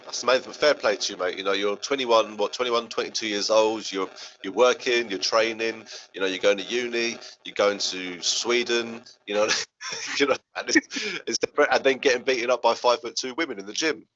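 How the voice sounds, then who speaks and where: Fast-talking man, mate-heavy chat. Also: lowish voice, a bit bright, muffled recording. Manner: chatty, says "mate" and "man" constantly. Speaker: podcast host. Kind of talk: casual chat. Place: home balcony outdoors.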